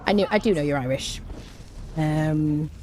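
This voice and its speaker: Low-voiced woman streaming gameplay. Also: a little slow, a little mellow. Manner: chatty, rambling, repeats "there you go". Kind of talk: live gameplay commentary.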